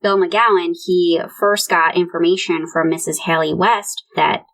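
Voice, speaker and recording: A woman's voice: on the low side, steady tone, unhurried, fairly bright tone, rough recording. A woman co-hosting a true crime book club podcast, retelling a case and voicing quotes along the way. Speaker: podcast co-host.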